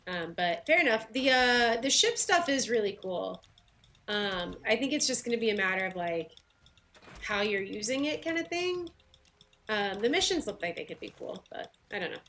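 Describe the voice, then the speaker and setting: A woman's voice: mid-range voice, expressive, moderate pace, sharp tone, slight background noise. A woman with a light Southern US accent streaming a game, chatting casually with viewers and laughing often. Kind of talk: casual livestream chat while playing.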